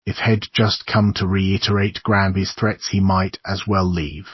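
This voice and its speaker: Deep husky male horror narrator. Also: flat delivery, a little slow, hardly any pauses, no room sound. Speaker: audiobook narrator. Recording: dull lo-fi dry recording.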